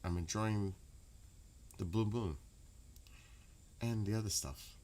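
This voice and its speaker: A very deep-voiced man rambles through a late-night stream chat. He swears freely and breaks into loud laughter now and then. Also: takes it slowly. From New York. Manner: rambling, profane, laughs loudly.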